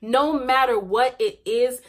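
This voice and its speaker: A woman's voice: fairly high pitch, slow pace. A young woman vlogger telling a casual personal story, laughing often and ending on a faith message.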